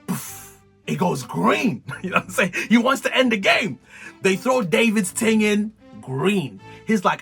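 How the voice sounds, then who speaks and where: Hyped high-pitched man recapping a show. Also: vocal fry, pushed and bright, husky. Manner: hyped, slangy, laughs and exclaims often. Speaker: TV recap vlogger. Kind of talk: excited casual recap.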